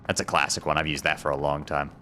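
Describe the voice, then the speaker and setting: A young man streaming a video game live, joking with chat and yelping in excitement when the game surprises him. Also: a bass voice, quick pace, slight background noise. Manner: excitable and jokey, voice shooting up when startled.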